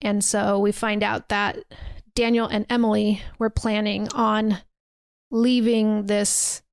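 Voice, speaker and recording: A woman's voice: mid-range voice, little pitch movement, slow pace, creaky, smooth, dry recording. A woman podcast host casually retelling a movie's scenes, acting out quoted lines with plenty of swearing. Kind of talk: casual chat.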